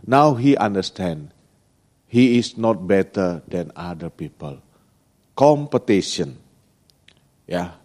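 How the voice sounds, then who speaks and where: A man's voice: low-pitched, expressive, takes it slowly, pauses often, a little mellow. A man preaching a sermon as pastor, in broken with frequent checking "yeah?" asides.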